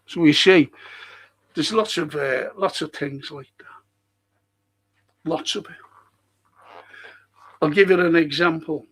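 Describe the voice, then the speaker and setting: A man's voice: slow, long pauses, fairly bright tone, husky. Ranting Scouse man, swearing freely. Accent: Liverpool (Scouse). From Liverpool. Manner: ranting, swears freely, voice jumps much higher when heated. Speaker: show host. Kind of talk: casual monologue.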